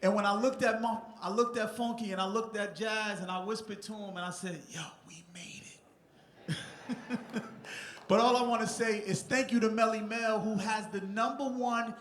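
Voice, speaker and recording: A man's voice: high voice, steady tone, fairly quick, few pauses, a bit bright. A middle-aged man from New Jersey giving a rambling, heartfelt acceptance speech on a theatre stage, with many restarts. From Newark, New Jersey, USA. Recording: echoey theatre sound.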